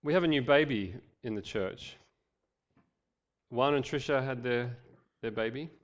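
A man's voice: mid-range voice, unhurried, lo-fi sound. A male pastor preaching a sermon, reading scripture with voiced quotes and joking asides.

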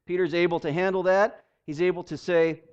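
A man's voice: high-pitched, steady tone, a little fast, clear, resonant tone. Chatty man teaching the bible, lo-fi. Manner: chatty, with restarts and laughing asides. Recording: dull lo-fi recording.

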